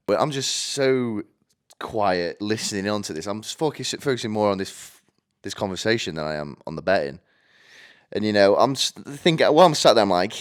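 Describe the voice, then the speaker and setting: A man's voice: on the low side, animated, moderate pace. A man in his twenties with a British accent, telling a story in a rambling, self-mocking monologue full of coarse slang. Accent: British English. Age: 20s. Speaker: podcast host.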